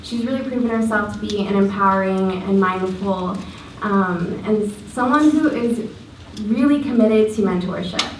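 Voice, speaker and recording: A woman's voice: mid-range voice, slight background noise. Chatty young woman introducing a speaker. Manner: chatty and halting, many fillers. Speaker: student event organizer introducing the speaker. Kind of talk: casual introduction speech. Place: lecture hall. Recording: roomy hall sound from a distance.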